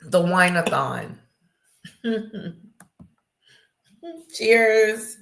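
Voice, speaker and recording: Slow, gravelly woman chatting on a livestream. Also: fairly low pitch, animated, a bit bright. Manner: reads viewer comments aloud and responds, greeting viewers by name. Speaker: livestream host reading chat. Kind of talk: casual live chat commentary. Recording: echoey room.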